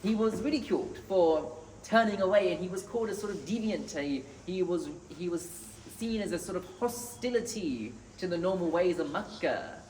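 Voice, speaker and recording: A man's voice: sits high, animated, moderate pace, darkish tone. A man giving an earnest Friday sermon in a mosque, reciting Arabic scripture between his points. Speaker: mosque preacher. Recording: echoey hall, distant mic, faint noise.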